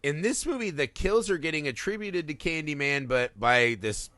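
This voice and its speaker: A man talking films on a podcast, his voice bright and forceful and swinging all over the place as he riffs. He swears freely and leans into the scenes he describes. The sound is dry and close, with no room behind him. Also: fairly high pitch, normal speed, no room sound. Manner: animated, swears, acts out quotes in put-on voices. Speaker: podcast co-host. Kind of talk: casual film discussion.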